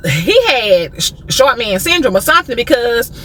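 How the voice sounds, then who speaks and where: A young American woman vlogger telling a story in a sassy, animated way, acting out what people said. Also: on the high side, normal speed, a little hiss or hum. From United States. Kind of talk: storytime vlog.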